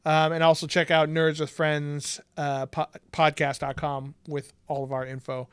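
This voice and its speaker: A man co-hosting a podcast in casual chat, laid-back, laughing often and filling pauses with ums. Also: fairly high pitch, completely flat delivery, clean tone, no room sound. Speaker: podcast co-host.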